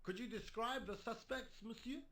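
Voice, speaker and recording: An actor playing a weary police sergeant in a video game, answering questions in a dry, matter-of-fact way. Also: male voice, extremely high pitch, normal speed, a bit bright.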